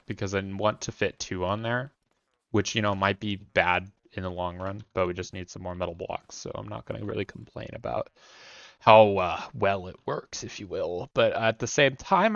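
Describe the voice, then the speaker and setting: A man's voice: fairly low pitch, a bit bright, dry recording, muffled recording. A young man streaming a building game, rambling through casual commentary with jokey self-mocking asides.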